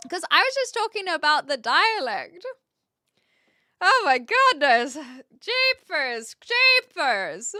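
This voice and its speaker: Bright-voiced woman streamer. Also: very high-pitched, big pitch swings, a little slow, long pauses, no echo, clean studio sound. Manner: chatty, self-correcting, talks through restarts. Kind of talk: casual chat, reading out viewer comments.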